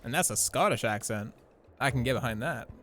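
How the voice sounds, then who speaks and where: A man's voice: mid-range voice, lively intonation, a little fast, fairly bright tone. Chatty male streamer over game music. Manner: chatty, reactive. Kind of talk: casual live-stream game commentary.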